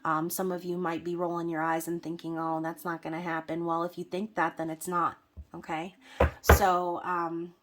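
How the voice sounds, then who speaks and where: Flat-toned chatty woman tarot reader. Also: on the low side, normal speed, very noisy. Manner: chatty, frequent fillers and "okay?" check-ins. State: hiccups. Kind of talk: casual tarot reading to camera.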